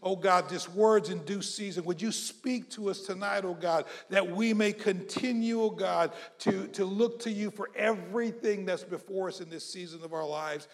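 A man from South Mississippi, preaching a sermon and leading the congregation in call-and-response, moving between hushed prayer and shouting. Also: high-pitched, normal speed, hardly any pauses. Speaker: pastor. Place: church hall. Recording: long church-hall reverb.

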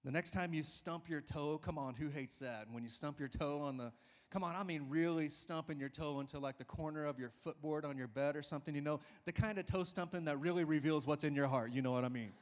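Man in his forties, pastor, energetic coaxing sermon, slightly high voice, reverberant church hall. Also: a little fast. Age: 40s. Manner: energetic, coaxing with repeated "come on".

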